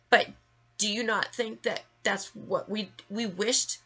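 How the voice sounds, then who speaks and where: A woman's voice: medium pitch, fairly even intonation, takes it slowly, fairly bright tone, husky. A woman vlogger delivering an emotional, angry rant to the camera, emphatic and full of swearing. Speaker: vlogger sharing her story.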